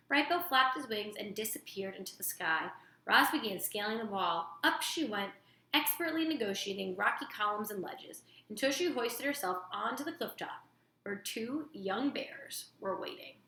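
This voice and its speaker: A woman reading a children's novel aloud with animated, dramatic storytelling. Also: medium pitch, normal speed. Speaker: storybook reader. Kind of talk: expressive read-aloud narration. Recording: roomy echo.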